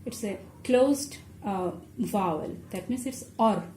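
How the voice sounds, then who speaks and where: Speaking in an expressive, mid-range voice with a darkish tone, a Bengali-native woman teaches an online language class. She is unhurried and patient, going through each step as she writes. The echoey space carries faint ambience and slight background noise.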